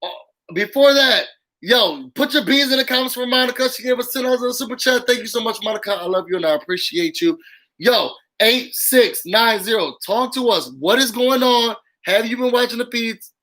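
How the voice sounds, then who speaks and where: A man's voice: very high-pitched, brisk, rough recording. A man hosting a casual live-stream show, talking straight to viewers with lots of fillers. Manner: animated, talks straight to viewers, heavy "y'all" and "um" fillers. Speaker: YouTube show host. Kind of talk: casual live-stream commentary with call-ins.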